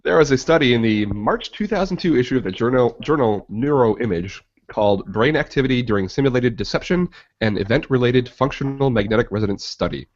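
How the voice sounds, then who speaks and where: A man's voice: mid-range voice, highs cut off. A man co-hosting a casual skeptics podcast, joking and swearing, then walking through a research study. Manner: joking, profane, lectures from studies. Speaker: podcast co-host. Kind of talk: casual chat. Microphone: video call.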